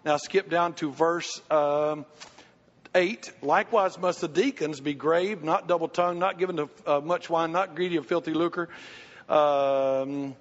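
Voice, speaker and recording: This older pastor has a fairly high, unhurried voice as he takes questions from his congregation. He teaches through animated stories, acting out the voices of the people he quotes, in a muffled hall recording.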